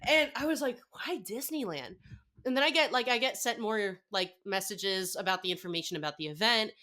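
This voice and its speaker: A young woman telling a story in a casual podcast chat, excitable and acting out her own reactions. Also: medium pitch, a little fast. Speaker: podcast guest.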